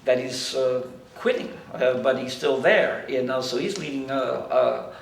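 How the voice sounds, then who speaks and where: A man reminiscing in an interview, speaking haltingly with fillers. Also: medium pitch, gravelly. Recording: echoey room, mic far off.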